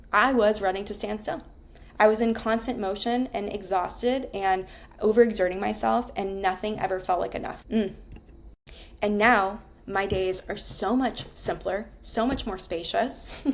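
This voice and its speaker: A woman in her thirties, a therapist, talking candidly and emotionally about her own life, swearing often. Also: mid-range voice. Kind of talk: reflective personal monologue.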